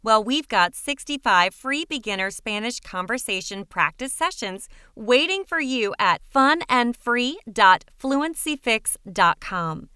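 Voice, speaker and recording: Woman presenter, upbeat scripted intro, high voice, dry close sound. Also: lively intonation, a little slow, few pauses, bright, forceful tone, clear, resonant tone, dry recording. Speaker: lesson presenter.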